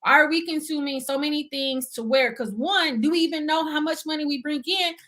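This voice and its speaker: A woman's voice: high voice, fairly even intonation, fairly quick, sharp tone. A young adult woman, a guest on an interview show, talking earnestly about budgeting in casual chat, full of fillers. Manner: earnest, talkative, many fillers and "you see what I'm saying".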